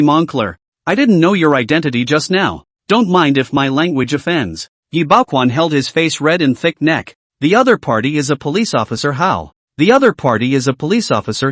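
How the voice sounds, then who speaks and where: Man, story recap narrator, reads all the dialogue, animated pitch, dry close sound. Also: dry recording.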